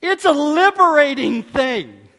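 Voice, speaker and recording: High-voiced preacher in echoing church. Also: male voice, slow pace. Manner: animated preaching, swinging from loud bursts to hushed tones. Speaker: pastor. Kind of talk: sermon.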